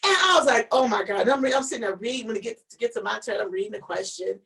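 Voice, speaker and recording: A woman co-hosts a casual live-stream chat. She tells a story with animation and stumbles over repeated words. Her voice sits a bit high and sounds distant from the mic. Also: animated, very fast, vocal fry, noisy background. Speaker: show co-host.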